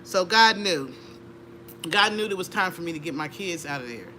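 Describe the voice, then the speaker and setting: Bright-voiced woman telling a story animatedly. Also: fairly low pitch, moderate pace, a little hiss or hum. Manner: animated, laughing, acts out voices in her story. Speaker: interview guest. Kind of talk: conversational storytelling.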